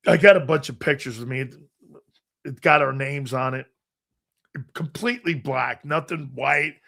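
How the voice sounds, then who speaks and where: A middle-aged man hosting a sports talk show, telling a profane, animated story and acting out the other voices. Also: medium pitch, vocal fry. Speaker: sports talk radio host.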